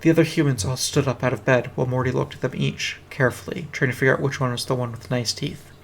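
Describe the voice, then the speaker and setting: Talking fast with a steady tone, a man with a gravelly, medium-pitched voice reads a fantasy fan story aloud on stream, dry and wry. His home streaming setup and streaming mic pick up a little hiss or hum.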